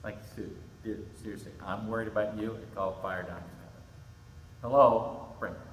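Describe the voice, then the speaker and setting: A middle-aged man preaching to a youth group, telling a story with animated, acted-out quotes. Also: on the low side, moderate pace, distant mic. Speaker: pastor. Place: church hall. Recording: echoey hall with faint ambience.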